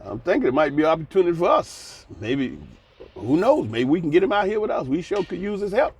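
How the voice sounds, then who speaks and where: A man in his sixties voicing a polite, businesslike male university executive making a measured offer. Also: sits high, sing-song, slightly rough, heavily acted. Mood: polite pitch.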